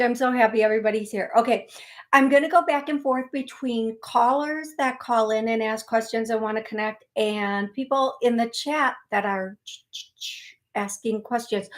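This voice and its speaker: A woman psychic medium hosting a live call-in show, talking to callers and chat viewers in a rambling, folksy, reassuring way that often corrects itself mid-sentence. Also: on the high side. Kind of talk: live call-in reading, chatty address to viewers.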